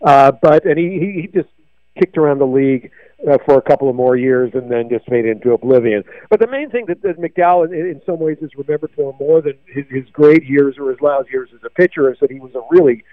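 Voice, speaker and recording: A man's voice: mid-range voice, fairly quick, dry recording. Host, older man, digressive reminiscing chat, dry and tinny phone-like audio. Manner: digressive, many fillers and restarts. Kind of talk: rambling sports memories chat.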